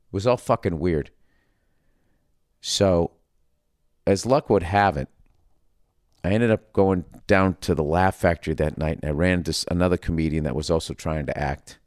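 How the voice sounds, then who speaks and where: Boston comedian in his fifties, low smooth voice, dry close mic, animated profane storytelling. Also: moderate pace, pauses often, dry recording. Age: 50s. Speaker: comedian podcast host. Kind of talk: storytelling monologue.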